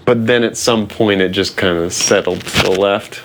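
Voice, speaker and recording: A young American man telling a funny story in casual chat, animated and often laughing as he acts out what people said. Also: lowish voice, moderate pace, slight background noise. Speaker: guest.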